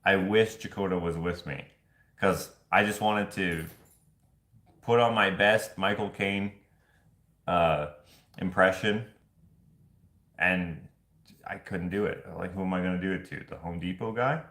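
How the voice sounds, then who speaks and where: A man with a fairly low voice hosts a casual vlog, rambling and chuckling as he talks. The sound is roomy and echoey. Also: a little slow, long pauses, a bit bright. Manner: rambling, chuckling, loose and chatty. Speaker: vlog host running a giveaway. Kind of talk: casual chat.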